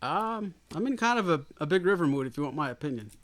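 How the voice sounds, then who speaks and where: An upbeat, chatty man hosts a music livestream and talks straight to the viewers at home. He speaks into an old microphone, and his voice sits a little high. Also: lively intonation, fast, fairly bright tone. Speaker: host. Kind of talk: casual livestream chat.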